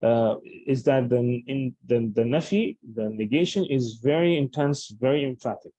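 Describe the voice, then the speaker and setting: A man's voice: mid-range voice, moderate pace, mellow, dry recording, lo-fi sound. A man teaching Arabic grammar in a lecture, explaining patiently and restating each point with examples.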